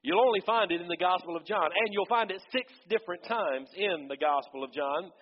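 A man's voice: sits high, fairly quick, long reverb tail, dull audio. A man preaching a sermon as pastor, reading scripture dramatically and breaking off for asides to the congregation.

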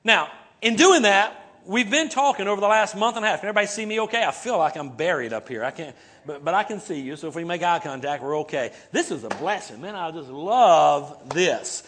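A man's voice: high voice, expressive, brisk, a bit bright, slight background noise. A man pastor preaching a sermon to a congregation in a church, talking conversationally, often tagging his points with "right?" and having the congregation repeat words back. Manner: conversational, many "right?" and "okay?" tags. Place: church sanctuary before a congregation.

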